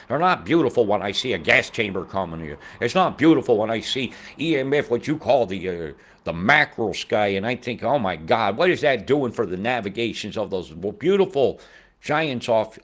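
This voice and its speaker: A low-voiced man in his forties talks through weather maps in a loose, rambling way. He swears often, drops into mutters, then bursts out loudly. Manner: swears freely, swings from mumbling to loud outbursts. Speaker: weather video host. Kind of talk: rambling conspiracy weather commentary.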